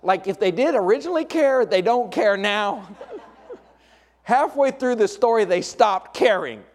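A middle-aged male pastor preaching a sermon, moving between hushed, intimate lines and raised, emphatic points, with folksy humorous asides. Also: high voice, lively intonation, a little slow.

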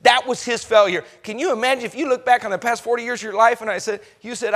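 A man preaching a sermon, telling stories folksy and emphatic, acting out the voices and rising to shouts. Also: high voice, fast talker, few pauses. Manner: folksy storytelling with acted-out voices. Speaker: pastor.

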